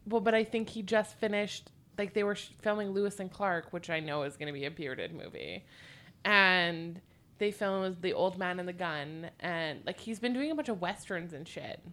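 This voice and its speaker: A woman's voice: lowish voice, normal speed, fairly bright tone. A woman co-hosting a podcast, telling a ghost story in loose, chatty talk with swearing and giggly asides.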